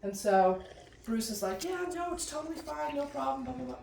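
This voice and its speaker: A middle-aged woman doing stand-up storytelling in a chatty, animated way, jumping into high voices when she quotes people. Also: a little fast, creaky, a little hiss or hum. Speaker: comedian telling a personal story. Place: room with a live audience. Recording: roomy, distant mic with faint ambience.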